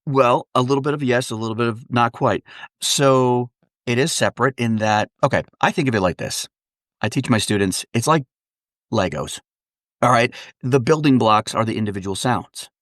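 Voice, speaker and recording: Male dialect coach guest, mid pitch, dry close mic, upbeat and laughing often. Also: moderate pace, a bit bright, no echo. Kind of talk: casual interview chat.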